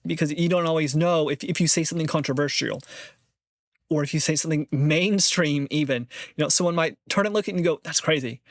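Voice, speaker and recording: A man's voice: fairly high pitch, fast talker, no echo, studio quality. A man talking in a casual monologue, rambling and thinking aloud with frequent restarts, sometimes acting out other people's voices. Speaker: vlogger.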